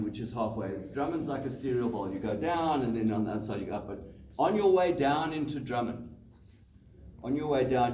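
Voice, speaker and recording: Joking man in a roomy hall. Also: medium pitch. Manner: animated, joking storyteller. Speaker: guest speaker at a running club. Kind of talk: live talk to an audience. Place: club meeting room. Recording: roomy hall, mic far off, room noise.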